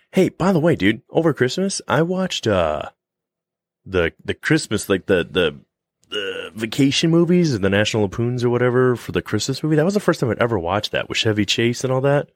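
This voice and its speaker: A man co-hosting a casual podcast chat, rambling and joking in an animated way. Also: medium pitch, moderate pace, dry recording. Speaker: podcast co-host.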